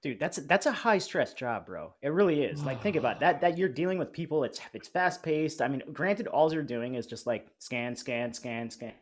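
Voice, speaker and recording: A man co-hosting a podcast, reacting to stories in a relaxed, casual way. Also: medium pitch, normal speed, few pauses. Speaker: podcast co-host. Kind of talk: casual chat.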